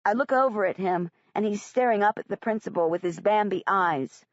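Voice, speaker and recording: A woman's voice: mid-range voice, fairly quick, no room sound. A woman reading a first-person audiobook in a plain, earnest storytelling manner. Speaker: audiobook narrator. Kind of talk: first-person scripted narration. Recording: dry, slightly dull audiobook recording.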